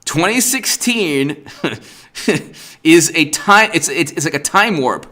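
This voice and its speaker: A man's voice: fairly high pitch, animated, slow, pushed and bright. A man hosting a political livestream, ranting with sarcasm and exasperation and greeting viewers in the chat by name. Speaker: political commentary host.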